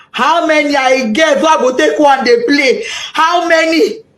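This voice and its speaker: A woman's voice: high-pitched, a little hiss or hum. A middle-aged Nigerian woman giving impassioned, pleading testimony as a bereaved mother, switching into Yoruba and Pidgin. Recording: echoey room.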